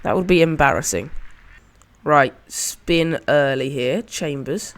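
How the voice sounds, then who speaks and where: A man with a slightly higher-than-usual voice hosts his own gaming channel. He keeps up a relaxed, chatty running commentary, describing every shot as he plays it. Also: slow pace. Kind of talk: casual game commentary.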